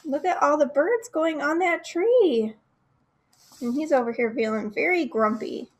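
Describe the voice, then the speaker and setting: Young woman, children's librarian, storytime read-aloud; bright high pitch, unhurried, chats straight to the little listeners. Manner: expressive, talks straight to the kids, asks them questions.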